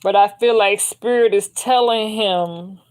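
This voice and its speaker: A woman's voice: mid-range voice, a little slow, darkish tone. A woman giving a spiritual tarot reading in a loose, conversational way, often adding "you know what I'm saying.". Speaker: tarot reader.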